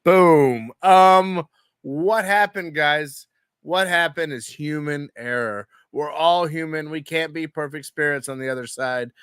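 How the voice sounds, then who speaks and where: A man's voice: on the high side, unhurried, fairly bright tone, clean tone, dry recording, studio quality. Joking man hosting a live show. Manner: joking, playful, self-deprecating. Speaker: podcast host. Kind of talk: casual live-stream chat.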